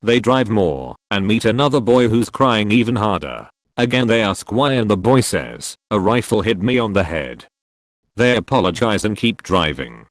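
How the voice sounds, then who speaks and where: A man reading a string of short military jokes as scripted narration, in an even, measured storytelling delivery. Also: lowish voice, no echo, clean studio sound. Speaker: joke narrator.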